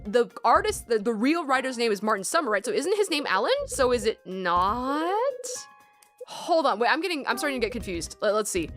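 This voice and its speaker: An excitable woman thinks aloud as she talks her way through a game. Her voice is fairly high and very lively in pitch, with faint music playing behind her. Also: fairly quick. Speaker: let's play commentator. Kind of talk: casual game commentary.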